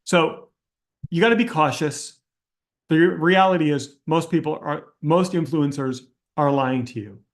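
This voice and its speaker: A man's voice: fairly high pitch, a little slow. A man hosting a casual Q&A, talking bluntly and skeptically, thinking aloud with frequent restarts. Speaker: host answering audience questions. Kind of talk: casual Q&A livestream talk.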